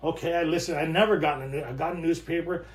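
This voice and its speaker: A middle-aged man with a high-pitched voice gives a casual storytelling talk from home. He is animated, laughs often and repeats his phrases for emphasis. The sound is echoey, as if recorded in a bare room. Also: quick pace. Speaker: recovery workshop speaker.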